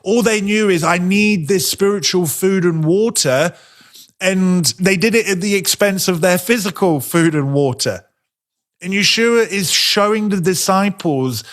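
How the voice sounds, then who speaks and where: This sermon comes from a man whose voice sits high, teaching in a conversational way. Rhetorical questions punctuate his talk, and he slows down whenever he wants to stress something.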